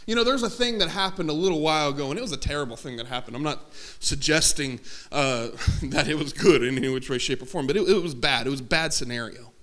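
An energetic man speaks at a campus ministry workshop, his voice high and bright. He talks with a joking, animated manner and laughs often between points. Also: quick pace. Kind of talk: lively workshop talk.

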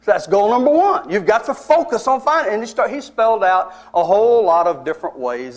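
A man preaching a sermon as a personal story, conversational and emphatic, with wry asides to his listeners. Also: sits high.

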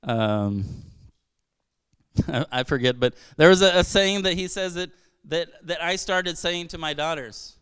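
A Brazilian pastor delivers a sermon to his congregation, his voice high, fairly bright, and very clear. He speaks earnestly and conversationally at a slightly slow pace, restarting phrases and posing rhetorical questions.

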